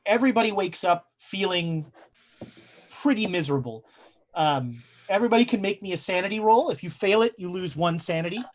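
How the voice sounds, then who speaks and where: A man's voice: sits high, expressive, brisk. Game master man telling grim dream scenes. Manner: dramatic storytelling with frequent hesitations. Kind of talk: narrating a tabletop horror game.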